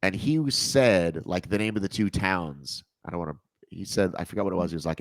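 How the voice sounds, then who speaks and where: A man from Boston hosting a podcast, chatting in an excitable, self-mocking way with casual swearing. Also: fairly low pitch, fast, no echo. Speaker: podcast host. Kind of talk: casual chat.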